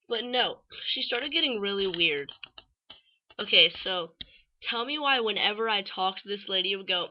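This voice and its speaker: A woman's voice: mid-range voice, lively intonation, moderate pace, muffled recording, a little hiss or hum. A teenage girl vlogging in a casual, rambling way, full of fillers and offhand swearing. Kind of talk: casual rambling chat to camera.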